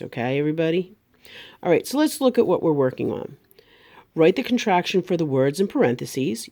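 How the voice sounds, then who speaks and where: Woman teacher, slow, over-enunciated, remote lesson. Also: low-pitched, warm tone. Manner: slow, careful over-enunciation for young students.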